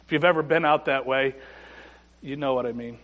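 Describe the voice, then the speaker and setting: A male pastor telling a personal story in a sermon, moving between quiet reflection and emphatic moments. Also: mid-range voice, brisk, long reverb tail.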